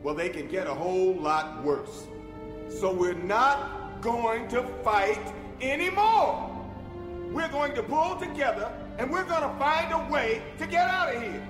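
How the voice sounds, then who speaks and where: A man's voice: very high voice, lively intonation, unhurried. An actor playing a grown man who rallies a group in an urgent speech that climbs as it goes, heard as a film clip. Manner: urgent, rising rallying speech. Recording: echoey film clip under music.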